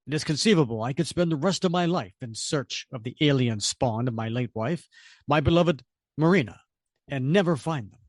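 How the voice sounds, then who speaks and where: A proud undersea prince muses in stately, formal speech, as a man reads him aloud. The delivery stays lively in pitch. The sound is close and dry. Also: normal speed, no echo, lightly acted. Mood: solemn.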